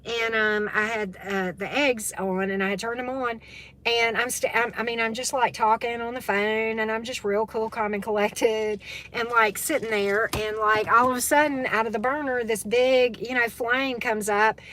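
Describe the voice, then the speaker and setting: A woman's voice: fairly high pitch, fairly even intonation, moderate pace, fairly bright tone. Woman spiritual coach, chatty and casual with her viewers, keeps asking "right?". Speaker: tarot reader and spiritual coach. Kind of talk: casual livestream chat with viewers.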